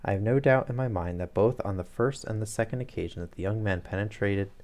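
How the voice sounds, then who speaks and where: A man voicing a sharp, cool-headed detective who lays out his reasoning crisply. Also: fairly low pitch, fast talker, natural voice.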